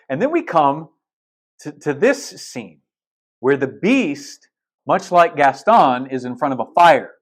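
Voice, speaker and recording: A man's voice: on the high side, sing-song, slow pace. A male pastor preaching a sermon in a casual, storytelling way, retelling film scenes with blunt asides and restarts.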